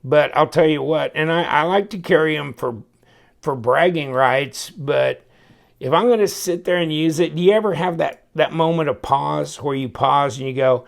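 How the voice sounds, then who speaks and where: Man, knife reviewer, gravelly voice, slightly high pitch, folksy and chatty while tinkering. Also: moderate pace. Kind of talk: casual hands-on review.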